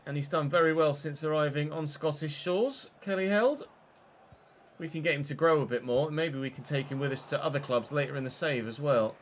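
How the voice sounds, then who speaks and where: A young man streaming live, chatting through his football game and breaking into excited shouts between muttered asides. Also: on the high side, fairly quick. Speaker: gaming streamer.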